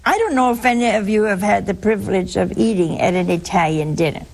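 A woman's voice: medium pitch, brisk, creaky, slight background noise, poor audio. An older woman giving a religious talk to listeners in a chatty storytelling manner. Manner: chatty, storytelling, lively asides. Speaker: religious speaker. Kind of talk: spoken religious talk to a broadcast audience.

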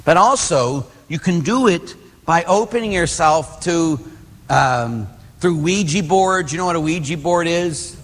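Animated storytelling priest in a reverberant hall. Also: male voice, on the high side, unhurried. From Pittsburgh area, United States. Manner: animated storyteller, acts out voices in quotes. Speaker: Catholic priest. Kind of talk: storytelling homily.

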